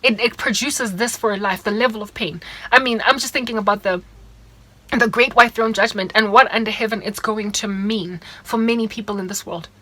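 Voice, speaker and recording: A woman's voice: medium pitch, fairly quick, bright, forceful tone, dry recording, poor audio. A young South African woman with a South African accent, earnestly sharing a hurt, confiding personal testimony in a vlog. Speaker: vlogger.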